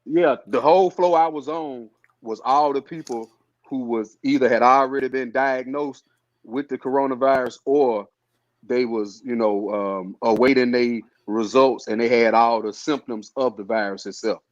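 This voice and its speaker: A man's voice: mid-range voice, fairly even intonation, moderate pace, no room sound. A man telling a personal story in a casual, slangy way, full of fillers. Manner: laid-back, slangy, loose with fillers. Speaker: host telling his illness story. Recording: dull lo-fi sound.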